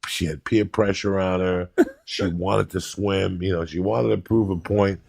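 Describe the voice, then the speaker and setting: Gravelly low-voiced man, blunt and profane. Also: steady tone, a little slow, darkish tone, no room sound. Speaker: podcast host. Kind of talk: casual chat.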